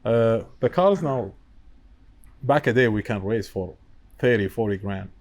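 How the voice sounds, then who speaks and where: A man speaks as a podcast guest in a chatty, rambling way, in broken English that is not his first language. His voice sits low, with a dark, gravelly fry running through it. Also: measured pace. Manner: talkative, broken English, lots of "you know". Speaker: guest, wiring business owner. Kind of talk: casual podcast chat.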